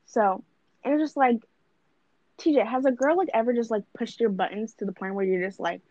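A woman's voice: fairly high pitch, fairly quick, mellow, dry recording, lo-fi sound. A young woman co-hosting a podcast, talking bluntly and rambling with lots of fillers and swearing. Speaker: podcast co-host. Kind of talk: casual chat.

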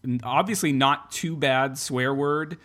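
A man's voice: mid-range voice, a little slow, a bit bright. A man co-hosting a casual podcast, talking in a rambling, profane way and laughing often. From Chelmsford, Massachusetts area. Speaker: podcast co-host. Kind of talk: casual chat. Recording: close studio podcast mic.

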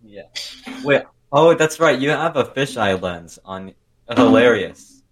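A man's voice: medium pitch, lively intonation, slow, slight background noise. A man co-hosting a casual group podcast over a call, rambling as he explains things. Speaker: podcast co-host.

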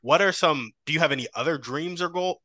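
A woman's voice: deep voice, a little fast, sharp tone, no room sound. A woman hosting a podcast interview, asking questions in an upbeat, encouraging way. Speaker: podcast host.

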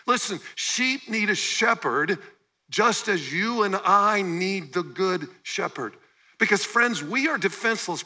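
Bright-voiced male pastor preaching. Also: high-pitched. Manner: conversational preaching with rhetorical questions. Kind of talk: sermon. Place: church sanctuary.

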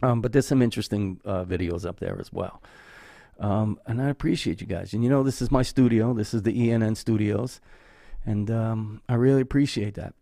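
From his home studio, a YouTube host of Irish heritage chats to camera, rambling earnestly with lots of fillers and restarts. He has a fairly low, gravelly, dark voice, speaks a little fast, and there's no room sound.

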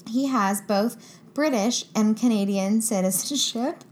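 A woman's voice: a little high, a little slow, slight background noise. A young woman co-hosting a podcast in casual chat, giggly and chatty, often trailing off mid-sentence. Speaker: podcast co-host.

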